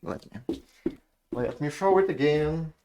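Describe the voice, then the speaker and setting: A man's voice: fairly high pitch, a little slow, dark tone, a little hiss or hum. A man with a Russian accent giving a university lecture on code, often restarting and repeating words as he works through examples. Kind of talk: live lecture explaining code.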